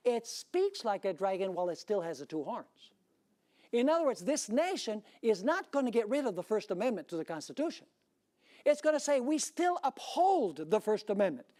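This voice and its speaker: A man's voice: very high voice, darkish tone. A male pastor preaching a sermon emphatically, throwing rhetorical questions at his congregation.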